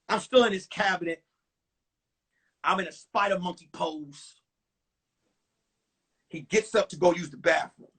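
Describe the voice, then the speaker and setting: A young comedian tells his story with punchy, profane energy. His voice is husky, breathy, and sits high for a man. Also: animated, moderate pace, long pauses, sharp tone. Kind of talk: one-man stand-up storytelling on a live stream.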